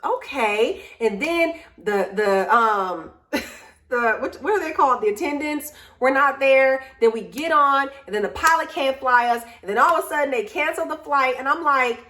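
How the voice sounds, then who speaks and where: A tired woman vlogging from home, casually and animatedly venting about a ruined trip to her camera. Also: sits high. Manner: animated storytelling, venting, drawn-out complaints.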